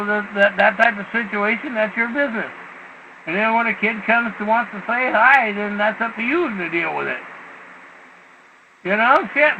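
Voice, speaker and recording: A man's voice: high voice, dull audio, a little hiss or hum. A man hosting a call-in talk show, lecturing bluntly and preachily, swearing and leaning on "see" and "you know.". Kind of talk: call-in talk radio rant.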